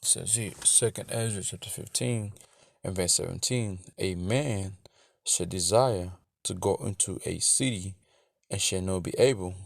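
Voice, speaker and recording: Low-voiced man reading scripture and news. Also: measured pace, vocal fry, no echo. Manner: stumbling, repetitive reading with profanity. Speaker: religious teacher. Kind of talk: casual scripture teaching and reading news aloud. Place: in Australia.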